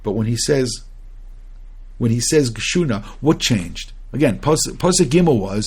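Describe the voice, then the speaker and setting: A rabbi gives a Torah class in a gravelly, slightly husky voice at a middle pitch. He talks conversationally and earnestly, quizzing his listeners and stopping to chant Hebrew verses. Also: animated, moderate pace. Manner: earnest, questions the audience, frequent restarts; chants Hebrew verses between English explanation.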